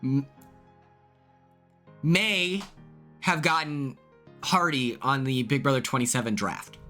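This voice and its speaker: Young male streamer, chatty, excitable, bright tone. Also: medium pitch, takes it slowly, faint music behind. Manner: chatty and excitable, laughing often. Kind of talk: casual chat stream.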